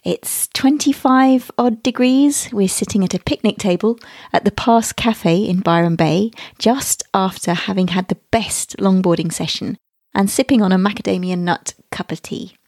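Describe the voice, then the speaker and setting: A woman's voice: medium pitch, normal speed, darkish tone, no room sound, studio quality. Chatty upbeat woman podcast host. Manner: enthusiastic, chatty. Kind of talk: upbeat podcast intro and interview.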